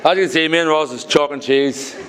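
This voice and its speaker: A man's voice: a little high, brisk, very noisy. Young guy, groom's speech, lots of ums, gets teary but keeps joking. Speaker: groom giving a wedding speech. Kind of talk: emotional wedding speech. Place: wedding reception hall with guests.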